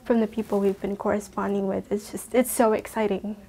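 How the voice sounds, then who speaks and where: A young woman who runs a Bible school, giving an excited testimony. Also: medium pitch, normal speed, a little hiss or hum. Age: young adult. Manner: bubbly, excited. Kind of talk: testimony interview.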